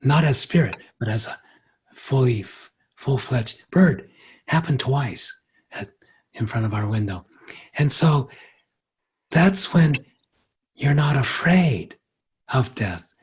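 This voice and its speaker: In a reflective workshop talk, a male spiritual teacher with a slightly rough, mid-range voice speaks gently and without hurry. He pauses often and becomes lively whenever he quotes someone.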